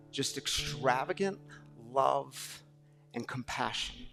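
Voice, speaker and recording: High-voiced preacher man over soft guitar. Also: unhurried. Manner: swings from hushed intimacy to loud passionate preaching. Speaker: recovery community speaker. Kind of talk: sermon.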